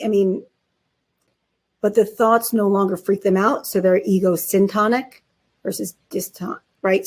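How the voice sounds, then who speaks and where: Her voice is mid-range, darkish and husky. She's a woman psychiatrist being interviewed, describing clinical cases briskly and emphatically, chatting informally and using everyday idioms.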